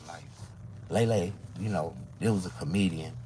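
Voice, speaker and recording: A comedian man talking casually to his viewers, telling rambling, profane stories that swing between loud outbursts and low asides. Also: sing-song, moderate pace, slight background noise. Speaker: stand-up comedian. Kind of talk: casual monologue to camera.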